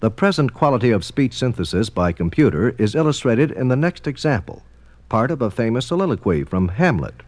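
A man's voice: mid-range voice, big pitch swings, a little fast, a little mellow, no room sound. A man giving formal, explanatory scripted narration for a documentary.

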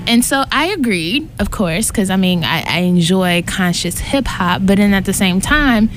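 A woman's voice: medium pitch, lively intonation, moderate pace, a little hiss or hum. A woman co-hosting a radio show in casual chat, rambling and teasing, filling her talk with "like". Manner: chatty, lots of likes, teasing. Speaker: radio co-host.

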